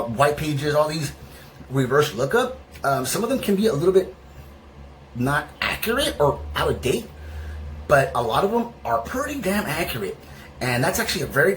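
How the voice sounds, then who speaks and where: A man's voice: mid-range voice, fairly bright tone, a little hiss or hum, poor audio. Rambling man with a recovering voice. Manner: rambling, full of fillers and restarts; affectionate toward viewers. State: voice still recovering. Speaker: channel host. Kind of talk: casual vlog talk to viewers.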